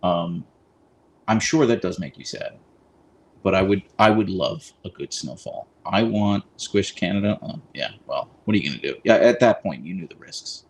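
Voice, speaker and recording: A man hosting a casual live stream, rambling in a friendly way with lots of fillers, speaking into a boom mic. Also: lively intonation, normal speed, breathy edge, rough recording. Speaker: livestream host.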